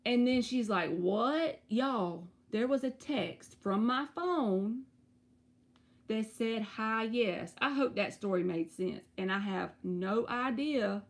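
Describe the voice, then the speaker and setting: A woman, giving tarot readings on a live stream and chatting to her viewers in an animated, storytelling way. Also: fairly high pitch, slow pace. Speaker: tarot reader.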